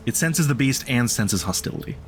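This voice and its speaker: A man narrating a tabletop game as game master, setting scenes slowly and dropping to a hush at times. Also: medium pitch, animated, a little hiss or hum. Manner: slow descriptive scene-setting, drops to a hush.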